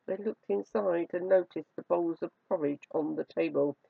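A storyteller reading a fairy tale aloud in an expressive, drawn-out way, on a dry, dull recording. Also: mid-range voice, creaky, slightly rough, no room sound.

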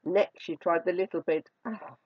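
A storyteller reading a fairy tale aloud with lively, swooping pitch. The voice has a gravelly edge and stretches out words for effect. The recording is dry and slightly dull. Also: no echo. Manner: expressive, drawn-out storytelling.

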